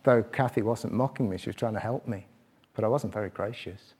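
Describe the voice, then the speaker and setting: A middle-aged man preaching a sermon, asking his listeners direct questions and swinging between loud, quick passages and quiet, slow reflection. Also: on the low side, breathy edge. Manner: rises loud and fast when stirred, drops quiet and slow to reflect.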